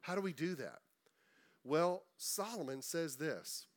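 Guy pastor talking thru a sermon, kinda high voice, repeats himself, slows way down to make a point. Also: animated. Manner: conversational, repeats words, slows down for emphasis.

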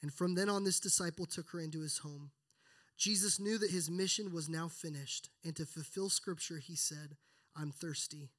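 A man's voice: a little high, normal speed. Earnest man preaching a sermon. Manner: earnest, builds then drops to hushed prayer. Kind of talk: sermon with scripture reading.

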